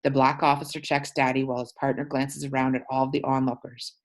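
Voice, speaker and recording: A woman teacher reading a novel aloud to her class, pausing to explain words. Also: rumbling low, flat delivery.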